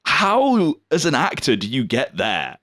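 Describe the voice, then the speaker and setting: A man's voice: mid-range voice, wildly swooping pitch, measured pace, fairly bright tone, dry recording, studio quality. A man co-hosting a casual movie chat, rambling and hedging with lots of fillers and laughs. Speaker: podcast co-host.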